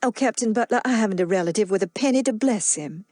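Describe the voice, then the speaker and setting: A woman voicing a gentle young wife and mother who speaks earnestly and gets flustered easily, pitched a bit above her own voice. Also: lively intonation, quick pace, dry recording, studio quality, close to an everyday voice.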